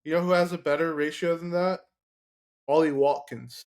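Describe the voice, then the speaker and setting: A man's voice: fairly high pitch, steady tone, normal speed, a little mellow. A man with a slightly raised voice argues his football picks on a casual sports podcast. He builds his case with stats, and his talk is full of "like" fillers and restarts. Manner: argumentative, lots of "like" fillers. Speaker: podcast co-host.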